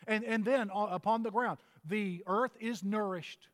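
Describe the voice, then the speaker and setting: High-voiced older preacher in a hall. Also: male voice, a little slow, fairly bright tone. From Texas. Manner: folksy storytelling preacher, humorous asides. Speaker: pastor. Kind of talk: sermon. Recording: reverberant hall.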